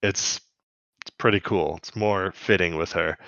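A man's voice: sits low, steady tone, measured pace, vocal fry, a bit bright, clean tone, no echo, lo-fi sound. A man co-hosting a podcast, casually recapping a cartoon episode in a rambling way with lots of fillers and laughs. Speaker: podcast co-host.

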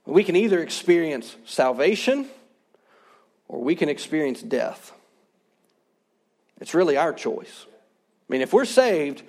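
A man's voice: a little high, a little mellow, breathy edge. A man in his thirties, a pastor, preaching a sermon in an earnest, conversational way.

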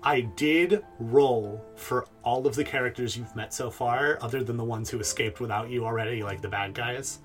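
A man runs a tabletop game and narrates the scene at an easy pace, filling gaps with little pauses. His voice sits in a middle range, with faint music under it. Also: medium pitch. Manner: relaxed, with many "uh" pauses. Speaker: game master.

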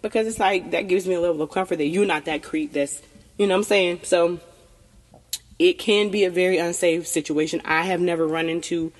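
A woman's voice: on the low side, fairly even intonation, a little fast. A woman in candid casual chat, frank and profane, laughing often and a little tipsy. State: tipsy from tequila. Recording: long reverberant room.

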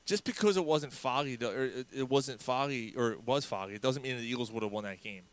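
A man's voice: mid-range voice, brisk. A man co-hosting a casual sports podcast, telling stories with lots of swearing and acted-out quotes. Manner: storytelling, profane, acts out quotes. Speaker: podcast co-host.

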